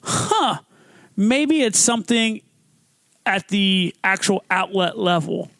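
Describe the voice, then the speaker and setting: A young man hosting a podcast, telling a story in a casual, profane, animated way, acting out quotes. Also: high voice, slow, gravelly, no echo. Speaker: podcast host.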